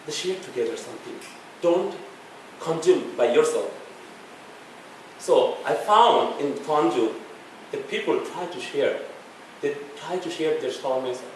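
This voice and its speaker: A middle-aged man with a Bangladeshi accent gives a public talk in an echoey lecture hall, heard from some distance off the mic. His voice sits a little high for a man, and his delivery is earnest and halting, full of restarts and chuckles. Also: animated, a little mellow, slight background noise. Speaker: guest speaker.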